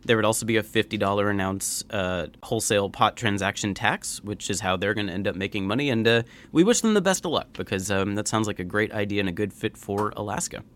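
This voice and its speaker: A man's voice: lowish voice, fast, hardly any pauses, fairly bright tone. A man co-hosting a casual podcast, reading out news stories and joking with his co-host.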